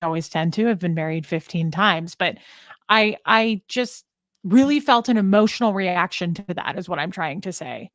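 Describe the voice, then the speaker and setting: A woman's voice: fairly low pitch, lively intonation, moderate pace, no echo, studio quality. A woman hosting a candid conversation, talking bluntly and emotionally, with some casual swearing. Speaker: podcast host.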